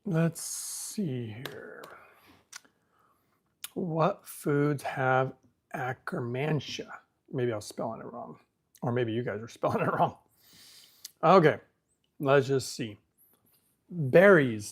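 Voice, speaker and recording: A man's voice: medium pitch, expressive, measured pace, long pauses. A man hosting a casual live question-and-answer stream, thinking aloud as he reads from the screen and talking with easy self-assurance. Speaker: livestream host answering viewer questions.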